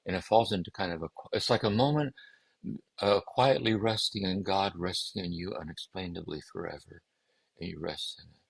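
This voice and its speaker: A man speaking as a guest, giving a gentle, meditative talk on contemplative prayer and often circling back to repeat his phrases. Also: low voice, moderate pace, gravelly, husky, no echo, rough recording. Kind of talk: reflective spiritual teaching.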